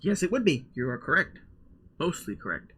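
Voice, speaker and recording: A man running a tabletop role-playing game as game master, animated and quick to laugh. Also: fairly high pitch, breathy edge.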